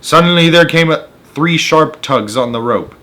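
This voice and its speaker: Male storyteller, animated read-aloud of a children's book. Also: on the high side, moderate pace. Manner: animated, expressive reading.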